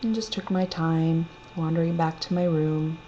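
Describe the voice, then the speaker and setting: A woman telling a personal story in a gentle, reflective, unhurried way. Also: sits low, steady tone. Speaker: storyteller sharing a personal testimony. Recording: dull lo-fi recording with faint hum.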